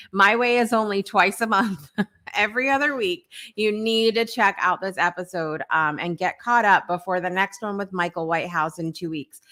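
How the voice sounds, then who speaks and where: A woman's voice: mid-range voice, sharp tone. A woman hosting a live morning talk show, chatting in an upbeat way and reading out viewer comments.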